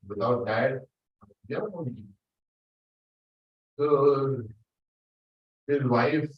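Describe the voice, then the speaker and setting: Slow-speaking monk. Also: male voice, mid-range voice. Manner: unhurried, acts out quoted voices, non-native grammar. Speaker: monk giving a talk. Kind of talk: sermon storytelling. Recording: roomy echo, dull lo-fi sound.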